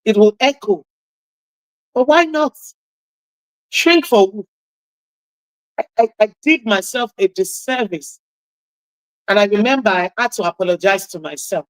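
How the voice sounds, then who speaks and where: A woman with a husky voice hosting a radio talk show, giving an impassioned motivational talk and repeating key phrases for emphasis. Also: mid-range voice, expressive, unhurried, long pauses, no room sound, poor audio.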